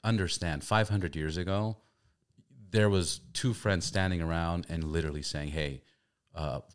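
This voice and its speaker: A man's voice: low voice, moderate pace, clear, resonant tone. A man in his thirties hosting a casual chat, telling stories and acting out quoted voices. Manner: animated storyteller, acts out quotes. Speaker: podcast host.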